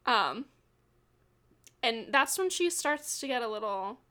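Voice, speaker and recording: Woman co-host, casual book recap, chatty and animated, high-ish bright voice, lots of "like". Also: takes it slowly, a crowd in the background. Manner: retells scenes with lots of "like" and acted quotes; laughs often, swears casually. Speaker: podcast co-host.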